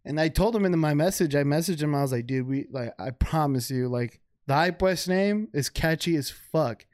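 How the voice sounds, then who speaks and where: A young man chatting on a podcast, his voice sitting a bit higher than most men's. He talks loosely and profanely, stacking up "like" and restarts. The sound is dry and close, with no room around it. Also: normal speed, a little mellow, no room sound. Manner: loose, profane, filler-heavy. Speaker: podcast co-host. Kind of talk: casual chat. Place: home.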